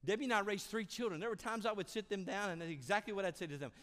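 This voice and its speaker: A man preaching an animated, emphatic sermon as pastor in a church sanctuary. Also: sits high, very fast. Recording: long church reverb.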